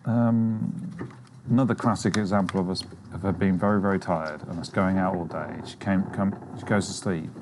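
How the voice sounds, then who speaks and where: Guy, kinda low voice, animated storytelling, noisy background. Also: normal speed. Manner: animated storyteller, jumps high to quote others. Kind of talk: casual chat, storytelling.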